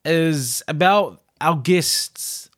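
A man's voice: on the high side, drawn-out words, fairly bright tone, no room sound, clean studio sound. A man co-hosting a podcast, chatting casually in a playful, dramatic, self-mocking way. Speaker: podcast co-host. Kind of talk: casual chat.

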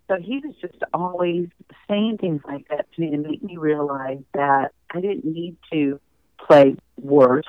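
A chatty woman recounting her past in an easygoing interview voice. Her voice is smooth and clear despite the thin, phone-like line. The sound is dry and close, with no room around it. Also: deep voice, dry recording. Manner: chatty, warm storyteller, laughs easily. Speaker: interview guest, former golf champion. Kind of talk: conversational interview storytelling.

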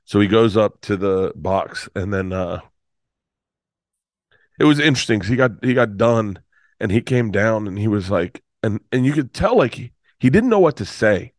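A man's voice: on the low side, animated, normal speed, no echo, clean studio sound. A man in his fifties, a comedian guest telling a rambling story full of restarts and swearing. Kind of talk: storytelling in conversation.

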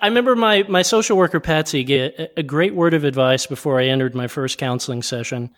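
A man speaking as a podcast guest, his voice sitting a little high. He talks quickly and reflectively, building points through personal anecdotes. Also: fairly bright tone. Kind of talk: casual interview chat.

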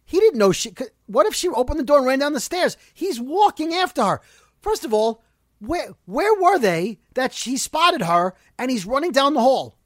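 A man hosting a casual chat that recaps a TV episode, talking fast and ranting about plot holes. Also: very high-pitched, big pitch swings, no echo, studio quality. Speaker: podcast host recapping a TV episode.

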